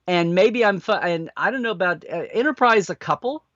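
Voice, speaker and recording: A man co-hosting a casual live-stream chat, jokey and quick with puns and asides. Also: high voice, animated, fairly bright tone, no echo, dull audio. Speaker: co-host.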